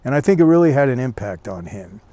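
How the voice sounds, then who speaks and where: A man's voice: medium pitch, big pitch swings, quick pace, dark tone, no echo. A man telling a personal story in a casual, conversational way, often dropping in "you know.". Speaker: storyteller recounting prison years.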